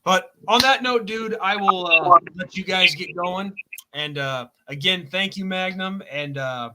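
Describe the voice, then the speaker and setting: A man's voice: sits high, measured pace, bright, forceful tone, slight background noise. A man hosting a live stream, chatting casually and laughing often. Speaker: host.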